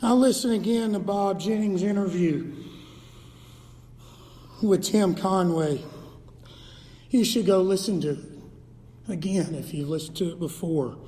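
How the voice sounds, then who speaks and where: A man's voice: sits high, a little slow, pauses often, mellow. A man preaching a sermon in a church sanctuary, fervent and emphatic, driving points home by repetition. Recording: long reverb of a large hall.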